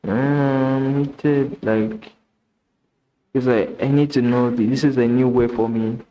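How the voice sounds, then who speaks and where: A young man with a Ugandan English accent, chatting casually on a live stream, reading messages aloud and thinking out loud with restarts and questions. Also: medium pitch, steady tone, takes it slowly, muffled recording, slight background noise.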